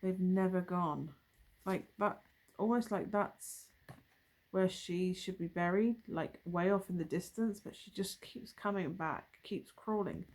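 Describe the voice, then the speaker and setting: A woman's voice: on the low side, measured pace, a little mellow. A woman doing a casual tarot reading, musing and thinking aloud as she turns over cards, with trailing asides. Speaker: tarot reader.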